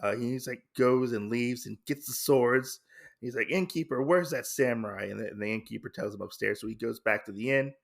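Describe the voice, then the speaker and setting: A man sits at the mic and recaps a comic story in a loose, rambling way, full of fillers and self-corrections. His mid-pitched voice has a gravelly creak. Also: steady tone, brisk. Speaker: podcast host.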